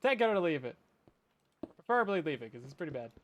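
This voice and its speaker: Lively high-voiced young man joking through gameplay. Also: quick pace, dull audio, slight background noise. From Canada. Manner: jokey, self-deprecating, chatty with viewers. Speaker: streamer. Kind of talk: casual gameplay commentary. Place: hot bedroom.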